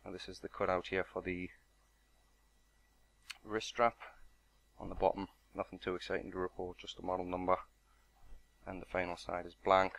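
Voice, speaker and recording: A man's voice: sits low, little pitch movement, normal speed, creaky, pauses often, fairly bright tone. A man narrating an unboxing and product walkthrough in a matter-of-fact, explanatory way. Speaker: product reviewer.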